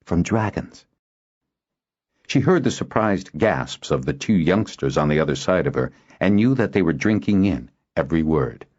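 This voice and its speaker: A man narrating a fantasy audiobook in a measured, expressive storytelling manner. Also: very deep voice. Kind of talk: scripted narration. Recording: dull lo-fi audio.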